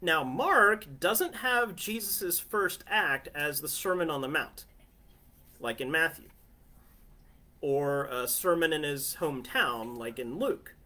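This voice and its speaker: Man, preacher, home sermon, living room, conversational, slightly high voice, animated, unhurried. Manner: conversational, asks listeners "right?".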